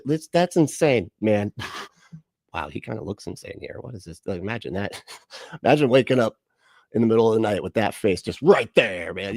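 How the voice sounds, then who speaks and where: A man's voice: on the low side, a little fast, darkish tone, no room sound. Guy on a livestream ranting sarcastically, swears a lot, dry close mic. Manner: sarcastic, profane, laughs often, mocking voices. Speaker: livestream host reacting to videos. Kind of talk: casual livestream commentary.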